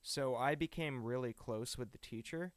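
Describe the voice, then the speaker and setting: Smooth-voiced casual man, dry sound. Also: medium pitch, normal speed, no room sound. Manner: loose, swearing, acts out quoted dialogue. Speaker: podcast co-host. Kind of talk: casual chat.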